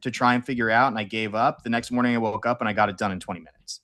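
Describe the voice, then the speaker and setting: Young man, podcast co-host, casual chat, animated storyteller, mid-pitched voice. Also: racing. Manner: animated storyteller who acts out his own quotes.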